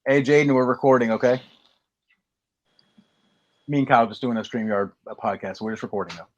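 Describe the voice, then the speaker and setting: A man co-hosting a casual podcast, telling stories with lively energy and acting out lines in quick bursts. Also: mid-range voice, dull audio. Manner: animated storytelling, acting out movie lines. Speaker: podcast co-host. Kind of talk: casual chat.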